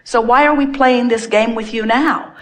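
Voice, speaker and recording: A woman speaking as a spiritual teacher gives an inspirational talk to an audience, using a collective "we," repeating phrases for emphasis, and stretching out key words. Her voice is a little high and a bit bright, at a moderate pace.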